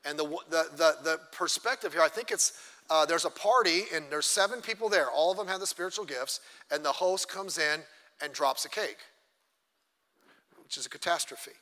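A middle-aged man who pastors a church leads a class in a conversational, self-deprecating teaching style, acting out brief quotes. His voice is a little high, pushed and bright, at a moderate pace, and the church hall adds a long reverb.

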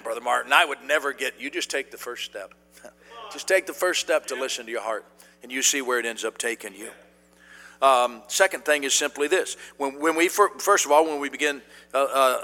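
Bright-voiced preacher in a reverberant hall. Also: male voice, mid-range voice. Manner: folksy, animated preaching, many fillers and restarts. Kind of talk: sermon with storytelling.

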